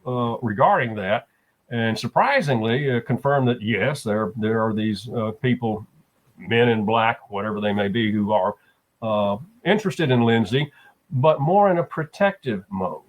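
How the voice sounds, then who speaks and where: A man's voice: mid-range voice, lively intonation, measured pace, poor audio. A man talking as a guest, telling a story at an easy pace with frequent fillers. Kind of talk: casual conversation.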